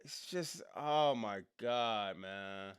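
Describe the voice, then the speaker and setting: A man streaming a casual reaction chat, slangy and rambling, and working himself up into loud, incredulous rants. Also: fairly low pitch, drawn-out words, clean tone. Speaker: streamer reacting to a wrestling show.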